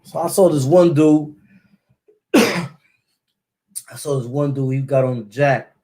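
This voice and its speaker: This storyteller hails from East New York in Brooklyn and speaks with a New York accent, peppering his casual slang with repeated words and sound effects. His voice is medium in pitch, slightly mellow, and his pace is slow.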